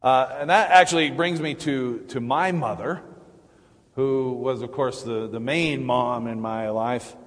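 A middle-aged man giving a personal Mother's Day sermon in a church, with halting restarts and fillers. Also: mid-range voice. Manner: halting, many restarts and fillers, warm laughs. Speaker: church speaker. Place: church sanctuary. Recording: long hall reverb.

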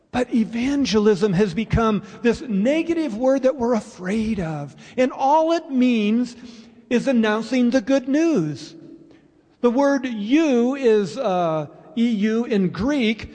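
Male pastor, high-pitched, unhurried earnest sermon delivery, reverberant church hall. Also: mellow. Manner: earnest, explanatory preaching with pauses. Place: church sanctuary.

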